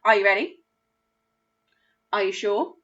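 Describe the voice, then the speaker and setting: A woman with an English accent teaching a phonics lesson to young children, spelling words out slowly and praising their efforts. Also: medium pitch, a bit bright, lo-fi sound. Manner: slow, clearly spelled-out words with encouraging praise. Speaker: primary school teacher.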